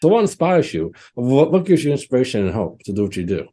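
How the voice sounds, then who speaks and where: A man hosts the interview with short, quick questions and small nods of agreement. His voice is husky and his pitch moves a lot. He sounds a little farther from the mic than his guest. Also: sing-song, warm tone. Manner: brief questions and short backchannels. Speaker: show host.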